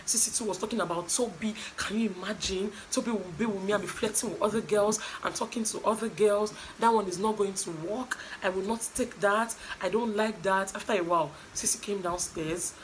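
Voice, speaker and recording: A woman's voice: mid-range voice, a little fast, few pauses, a little hiss or hum, poor audio. A young adult woman with a Nigerian accent, animatedly recapping a reality show in casual gossip style. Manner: animated, chatty storytelling with asides.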